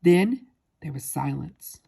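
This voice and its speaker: A woman reading a children's novel aloud as narrator, in steady storytelling with small slips. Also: deep voice, takes it slowly, vocal fry, breathy edge. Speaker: audiobook narrator.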